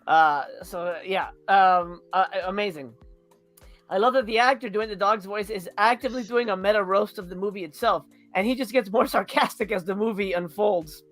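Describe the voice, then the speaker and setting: A woman's voice: medium pitch, moderate pace, faint music behind. A woman co-hosting a casual movie-review chat who laughs often and swears freely while listing what she loves. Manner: giggly, profane, animated list of gripes. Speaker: podcast co-host reviewing movies.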